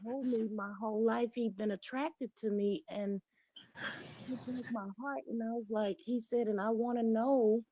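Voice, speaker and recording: A middle-aged woman talks bluntly, acting out each quoted voice with animated storytelling. She speaks over remote call audio that at times comes through low. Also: moderate pace, dry recording. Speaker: livestream caller. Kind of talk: candid personal story on a livestream. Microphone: remote call audio, sometimes low volume.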